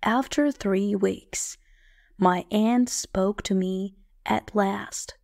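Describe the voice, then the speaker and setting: A woman narrates a story in the first person for English learners. Her delivery is plain and clear, at a very slow pace. The sound is close and dry, with no room around it. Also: mid-range voice, steady tone, a little mellow, no room sound. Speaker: audiobook narrator.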